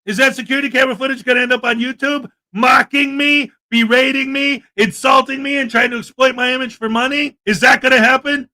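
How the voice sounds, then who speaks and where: A man's voice: very high-pitched, fairly quick, sharp tone. A man hosting a livestream, delivering sarcastic, indignant commentary and firing back at chat comments. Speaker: livestream host.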